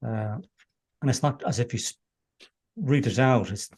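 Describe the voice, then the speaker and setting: Relaxed man hosting an interview. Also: mid-range voice, moderate pace, husky. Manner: relaxed, chatty with hesitant fillers. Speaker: podcast host.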